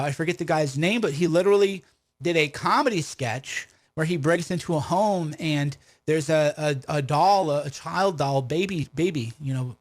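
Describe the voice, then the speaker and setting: A man hosting a livestream commentary, combative and full of rhetorical questions and restarts. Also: a little high. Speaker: commentator and host of his own stream.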